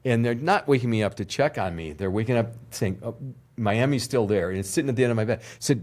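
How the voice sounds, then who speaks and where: An older man, a television producer, telling an animated story in an interview, acting out voices and laughing as he goes. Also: mid-range voice, quick pace. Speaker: TV producer, podcast guest.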